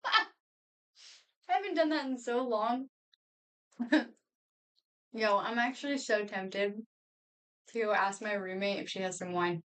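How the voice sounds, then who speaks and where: A woman's voice: mid-range voice, takes it slowly, pauses often, a bit bright. Streamer woman in her twenties, rambly casual chatter at home, a little distant from the mic. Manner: rambling, chatty, laughs often, talks while eating. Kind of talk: casual chat to a live stream. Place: home room.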